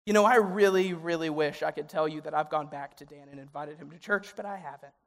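A man's voice: a little high, a little fast, vocal fry, a bit bright. A young adult man, a youth pastor, preaching in a conversational, earnest way that grows emotional and pleading. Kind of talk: sermon. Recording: reverberant hall sound.

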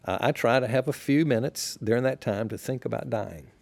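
Man, pastor guest, gravelly voice, dry close sound, reflective storytelling, unhurried. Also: mid-range voice, a little mellow, no echo. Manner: reflective, unhurried, with frequent restarts. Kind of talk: relaxed conversational storytelling.

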